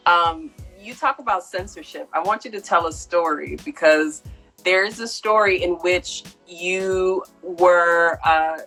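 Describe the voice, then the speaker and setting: A woman's voice: fairly low pitch, measured pace, fairly bright tone, soft background music, low-quality recording. A woman interviewing a guest and asking him probing questions in an earnest way.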